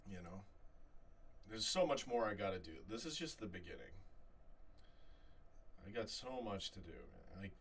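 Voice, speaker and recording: A man hosting a live fan chat stream, reading out viewer comments in an animated, rambling way full of restarts. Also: mid-range voice, slightly rough, distant mic. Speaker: fan channel host.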